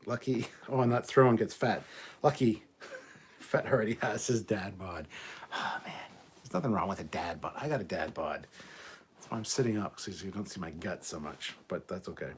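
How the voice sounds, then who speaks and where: A middle-aged man with a low voice and moderate pace hosts a casual livestream, reading viewer comments aloud and reacting chattily. He swears freely and jokes about himself, with slight background noise behind him.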